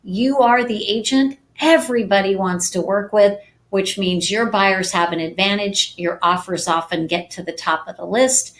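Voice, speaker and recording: A woman real estate sales coach giving a calm, soft-spoken training talk on a live stream. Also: on the low side, a little hiss or hum.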